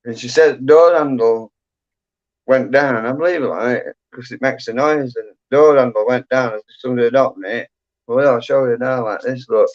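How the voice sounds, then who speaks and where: A man's voice: mid-range voice, fairly even intonation, fairly quick. A man hosting a casual livestream chat from home, rambling and full of fillers. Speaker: livestream host. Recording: dull lo-fi sound.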